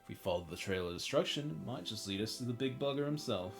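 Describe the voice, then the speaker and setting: A man voicing a loyal male warrior companion in a game, reading the lines in a rough folksy put-on accent. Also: fairly low pitch, lively intonation, quick pace, over music. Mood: steady, loyal. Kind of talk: reading game dialogue aloud in character.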